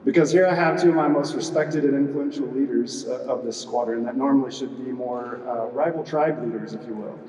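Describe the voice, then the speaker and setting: A man's voice: medium pitch, a little fast, hardly any pauses, crowd noise. A middle-aged man presiding over a retirement ceremony as squadron commander, giving a humorous speech full of "uh" fillers and audience banter. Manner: joking, chatty, with frequent "uh" fillers and audience banter. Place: large hall. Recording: echoey hall from a distance.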